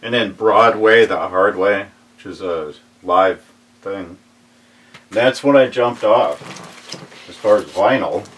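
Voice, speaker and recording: A middle-aged man chatting casually and showing off his collection in a record shop, relaxed and chuckling now and then. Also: lowish voice, far from the mic. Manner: relaxed, unhurried, chuckles while recalling. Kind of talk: casual chat.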